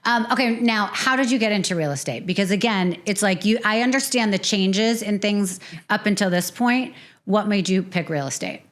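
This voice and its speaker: A woman's voice: mid-range voice, expressive. A woman hosting a podcast who asks casual, probing questions and keeps saying "right" as she listens. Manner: quick affirming interjections, probing questions. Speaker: podcast host. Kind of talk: casual interview.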